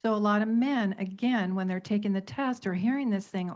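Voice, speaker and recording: A woman's voice: mid-range voice, brisk, hardly any pauses, a little mellow, muffled recording. A middle-aged woman teaching about temperaments on a radio talk show, emphatic, stringing words into long lists and repeating points for stress.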